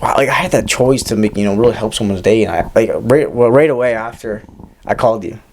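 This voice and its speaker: Podcast co-host, man in his twenties, animated chatty storyteller. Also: fairly low pitch, fast talker, vocal fry, a little hiss or hum. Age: 20s. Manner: animated, acts out quoted voices, many fillers. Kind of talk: casual storytelling chat.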